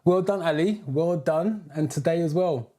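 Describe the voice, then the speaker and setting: A British driving theory teacher hosts a live stream in a warm, higher-pitched voice at normal speed. He greets viewers by name, reads their comments aloud, and offers advice.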